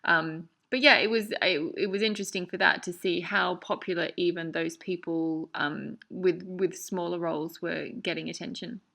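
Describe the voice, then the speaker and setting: A woman's voice: fairly low pitch, steady tone, normal speed, creaky, few pauses, bright, forceful tone. A woman who made the documentary, chatting and joking through its audio commentary. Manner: chatty, laughing, self-deprecating. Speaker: documentary filmmaker.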